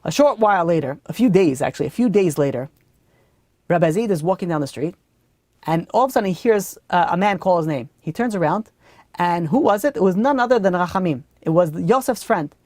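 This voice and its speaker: Storytelling rabbi with a dry sound. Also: male voice, high voice, expressive, fairly quick, darkish tone, no echo. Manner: conversational, acts out story dialogue, many fillers. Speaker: rabbi teaching a weekly class. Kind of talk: storytelling lesson.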